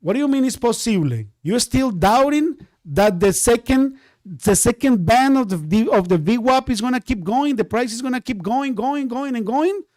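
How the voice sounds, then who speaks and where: Give me an excitable man with a high voice, recorded dry and close, teaching trading and repeating himself. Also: normal speed, no room sound. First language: Spanish. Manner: excitable, repeats phrases over and over. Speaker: trading instructor. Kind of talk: live trading lesson.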